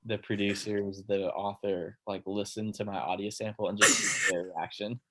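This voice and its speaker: A man's voice: on the low side, flat delivery, normal speed, background noise. A young man, a voice actor guest, telling a story in casual chat and laughing often.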